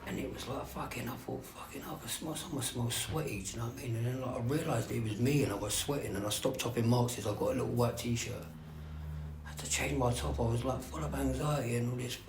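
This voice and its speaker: A man talks openly and loosely, swearing and circling back with "do you know what I mean". His mid-pitched voice carries through an echoey meeting room, with a faint background hum. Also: fairly even intonation, fast talker. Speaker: speaker sharing at a recovery meeting. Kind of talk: candid personal share.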